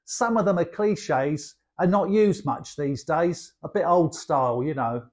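A man's voice: fairly high pitch, unhurried, a little mellow. An older man with a Cockney accent from London's East End, explaining slang in a chatty, cheeky way as a lesson guest. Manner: chatty and cheeky, playful asides. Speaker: guest dialect speaker.

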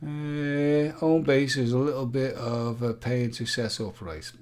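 Playful quiz host, jokey banter. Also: male voice, mid-range voice, steady tone, a little slow, darkish tone. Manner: playful, jokey, chatty with viewers. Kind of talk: live-stream quiz banter.

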